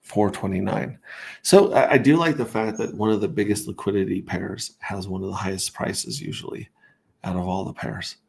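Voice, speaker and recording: A low-voiced man with a gravelly edge chats loosely through a livestream. He wanders between thoughts, restarts sentences and drops wry asides as he goes. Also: moderate pace, darkish tone. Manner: rambling, self-interrupting, wry asides. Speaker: crypto livestream host. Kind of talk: casual livestream commentary.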